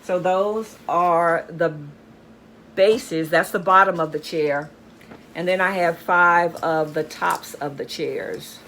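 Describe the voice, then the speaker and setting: A woman's voice: lowish voice, steady tone, slow, fairly bright tone, slight background noise. A woman chatting enthusiastically as she shows off bargain finds, often calling out to her viewers. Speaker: haul vlogger. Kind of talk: casual show-and-tell chat.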